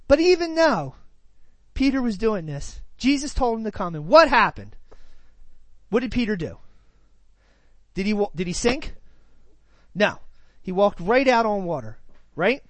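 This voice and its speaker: Lively woman preaching a sermon. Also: mid-range voice, measured pace, pauses often, no echo. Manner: lively, conversational, many rhetorical questions and "right?" tags. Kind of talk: sermon, retelling scripture.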